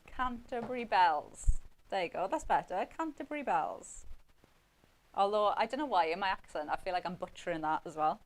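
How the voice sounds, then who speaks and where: A woman's voice: fairly low pitch, lively intonation, quick pace, few pauses, low-quality recording. A woman giving a chatty running commentary while demonstrating a craft on live TV.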